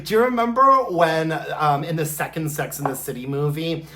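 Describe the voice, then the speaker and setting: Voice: mid-range voice, animated, normal speed. Rambling vlogger with sound effects. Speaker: candle review vlogger. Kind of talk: casual chatty recap of a TV episode.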